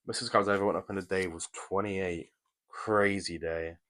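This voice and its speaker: A man's voice: low voice, fairly even intonation, fairly quick, a bit bright. A young British man casually chatting to viewers on a live stream while he builds a Lego set, in a rambling, chatty way. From Britain. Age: young adult.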